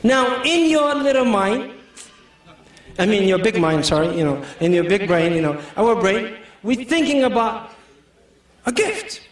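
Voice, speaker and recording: A man's voice: high-pitched, very animated, measured pace, long pauses. A man giving a humorous sermon to a community, telling stories with many asides. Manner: jokey, storytelling, full of "you know". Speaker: Islamic speaker. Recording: echoey hall, mic far off.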